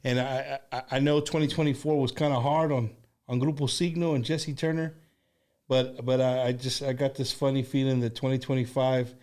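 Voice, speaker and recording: Relaxed male show host. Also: medium pitch, moderate pace. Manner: relaxed, repeats and restarts words. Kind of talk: casual interview chat.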